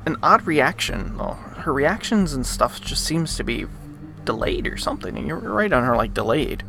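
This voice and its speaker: A man hosting a let's play, reading a visual novel's narration aloud and breaking off into animated, joking rants. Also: a little high, normal speed, soft background music. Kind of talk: reading game text aloud with commentary.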